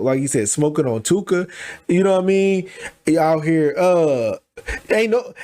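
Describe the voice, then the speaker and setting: A high-voiced man hosts a reaction video and talks through a clip in casual, slangy commentary. He quickly agrees with the point and repeats it in his own words. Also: a little mellow. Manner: fast, agreeing, restating the guest's point with slang. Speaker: reaction channel host.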